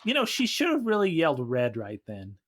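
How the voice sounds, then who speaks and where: A man co-hosting a comedy podcast, giving mocking, animated recaps of a movie's plot. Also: fairly high pitch, fairly quick. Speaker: co-host.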